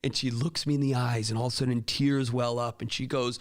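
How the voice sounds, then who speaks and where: A man's voice: medium pitch, steady tone, normal speed, hardly any pauses. A man, a teacher, talking earnestly to fellow teachers and acting out quoted dialogue in a raised voice. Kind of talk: talk to teachers with classroom stories.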